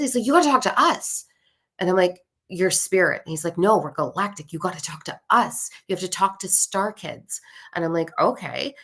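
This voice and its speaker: A woman telling a personal spiritual story in a casual monologue, animated and acting out the voices of the people she quotes. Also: deep voice. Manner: animated, acts out quoted voices, swears freely. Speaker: spiritual author and coach.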